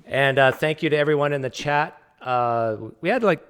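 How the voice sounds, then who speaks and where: A man with a Canadian accent, hosting a casual live-stream chat and wrapping it up in a relaxed, friendly way. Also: on the high side, normal speed, smooth. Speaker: host.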